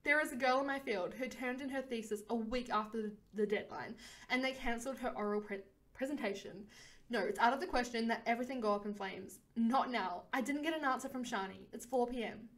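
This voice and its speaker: Expressive woman reading a game aloud. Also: on the high side, brisk. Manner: expressive, frequent laughs. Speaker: game streamer. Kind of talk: reading a visual novel aloud.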